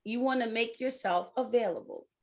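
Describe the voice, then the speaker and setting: A woman's voice: fairly high pitch, normal speed, darkish tone. A middle-aged woman hosting a coaching talk, casually giving advice, acting out inner voices and laughing often. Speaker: life coach and podcast host.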